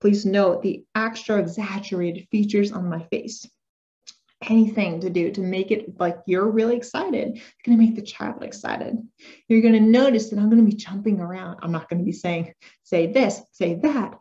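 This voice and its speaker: A woman's voice: mid-range voice, normal speed, dark tone. Woman, young adult, speech therapist, parent lesson, exaggerated sing-song read-aloud, gasps, muffled lo-fi sound. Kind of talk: parent-education talk with animated read-aloud. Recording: dull lo-fi recording.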